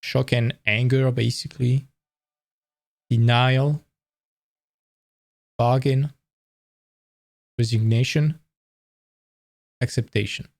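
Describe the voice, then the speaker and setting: A man's voice: medium pitch, little pitch movement, slow pace, gravelly, long pauses, a little mellow, no echo, studio quality. A man giving a casual livestream presentation of career advice, blunt and candid, swearing freely and acting out quoted lines in a raised voice.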